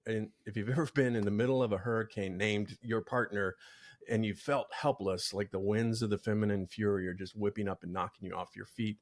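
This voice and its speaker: A man hosting a podcast, telling a story with vivid imagery and acting out the quoted lines before leading a casual discussion. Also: fairly low pitch. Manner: storytelling, builds up imagery and acts out quoted dialogue. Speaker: podcast host.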